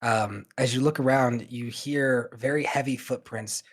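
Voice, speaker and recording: A man's voice: medium pitch, fairly even intonation, unhurried. Casual male game master. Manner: casual, with many fillers. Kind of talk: narrating a tabletop game.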